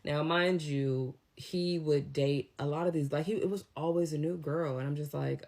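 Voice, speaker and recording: A woman's voice: low-pitched, fairly even intonation, moderate pace, vocal fry, hardly any pauses, darkish tone. A young woman casually telling a story, chatty and quoting people as she goes. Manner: chatty, retells scenes with quoted voices.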